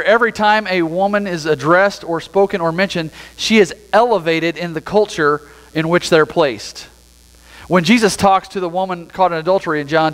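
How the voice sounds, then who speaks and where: A man preaching a sermon as pastor, reading scripture aloud and then explaining it in a relaxed, conversational way. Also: high voice, long reverb tail, rough recording. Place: church sanctuary.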